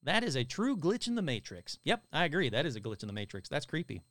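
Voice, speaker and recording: A male host reads creepy listener stories on a live stream, his voice swinging up and down as he jokes between them. His voice sits a bit high for a man. The sound is dry and close, with no room echo. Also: quick pace. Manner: animated, joking asides between stories. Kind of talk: live-stream story reading with chat.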